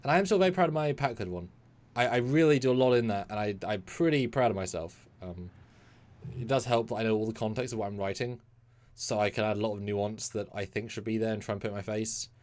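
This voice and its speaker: A British man co-hosting a casual live stream, talking in animated bursts and acting out little scenes. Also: lowish voice, fast talker. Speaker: co-host.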